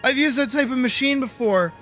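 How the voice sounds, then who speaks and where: A very high, bright voice belongs to a man streaming a game, ranting and swearing loudly at a puzzle. He moves between disbelieving complaints and yelling fits, with faint game music under his voice. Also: brisk. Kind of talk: live gameplay commentary.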